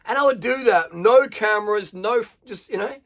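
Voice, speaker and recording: A man's voice: high voice, moderate pace, fairly bright tone. An Australian man ranting bluntly to camera, swearing freely and firing rhetorical questions at his viewers. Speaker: vlogger. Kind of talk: unscripted rant to camera.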